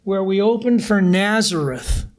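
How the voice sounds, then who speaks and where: Older man telling lively stage anecdotes. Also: high voice, a little slow. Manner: animated anecdotes, laughs often. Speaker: musician guest. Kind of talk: live on-stage storytelling. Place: bar, live audience.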